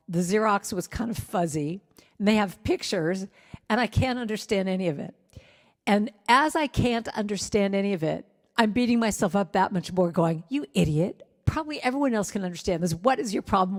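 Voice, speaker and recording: Candid woman speaker in a reverberant hall. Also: medium pitch. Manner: candid, self-deprecating storytelling. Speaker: guest speaker and singer. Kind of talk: sermon-style personal story. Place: spiritual center hall.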